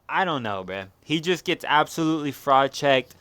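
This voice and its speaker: A young man talking through a fight card recap in loose, rambling slang, swearing nearly every line. His voice sits at an ordinary middle pitch, and the sound is dry and close with no room echo. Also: big pitch swings, fairly quick, few pauses, pushed and bright, smooth. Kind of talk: casual profane fight recap.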